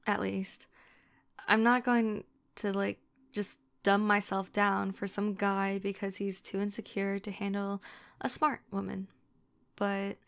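Young woman with fry, Valley Girl voice. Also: mid-range voice. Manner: teasing, playful, girlfriend role. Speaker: audio role-play performer. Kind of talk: intimate audio role-play.

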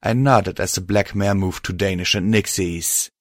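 A man reading a story aloud in steady, even scripted narration. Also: deep voice, moderate pace, no echo, clean studio sound. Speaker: audiobook narrator.

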